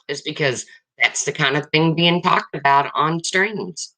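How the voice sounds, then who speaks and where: With a bright, forceful, medium-pitched voice and a measured pace, a livestream host in their fifties casually responds to chat viewers, speaking bluntly and repeating points.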